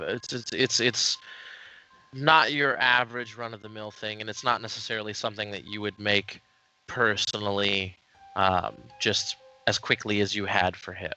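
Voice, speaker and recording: A man narrating a tabletop game as game master, slow and hesitant with many fillers. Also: on the low side, bright, forceful tone.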